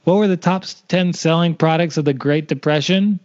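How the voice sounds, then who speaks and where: A man's voice: a little high, fairly quick, a little mellow. Teasing, stubborn man on a podcast. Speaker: podcast co-host. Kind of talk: casual debate chat. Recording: dull lo-fi podcast audio.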